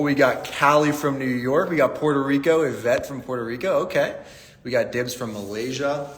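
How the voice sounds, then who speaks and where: A man's voice: mid-range voice, fairly bright tone. A young man from Pittsburgh hosting a casual live-stream Q&A, upbeat and greeting viewers by name. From Pittsburgh, USA. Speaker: livestream Q&A host. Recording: echoey room with long reverb.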